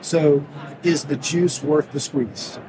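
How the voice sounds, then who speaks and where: A man's voice: on the high side, steady tone, takes it slowly. Earnest middle-aged man with analogies. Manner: earnest, uses homespun analogies. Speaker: orthodontist guest. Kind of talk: conversational interview answers. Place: busy exhibit hall floor. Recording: noisy convention floor.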